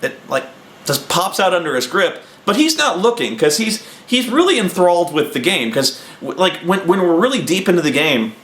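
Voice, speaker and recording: Animated man telling a rambling story. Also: high voice, normal speed, echoey room. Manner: rambling, animated, acting out quotes. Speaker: host. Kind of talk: casual anecdote telling.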